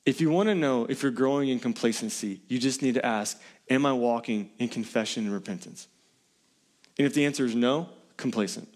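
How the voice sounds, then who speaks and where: A man's voice: mid-range voice, fairly quick, darkish tone. A pastor delivering an earnest, conversational sermon to his congregation, often asking the listeners questions.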